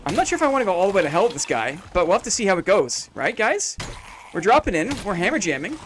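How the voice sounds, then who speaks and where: A man's voice: sits high, sing-song, fast, a bit bright, slight background noise. A man from Canada, streaming a game live and chatting with his viewers in a goofy, joking way. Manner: goofy, jokey, chatty with chat.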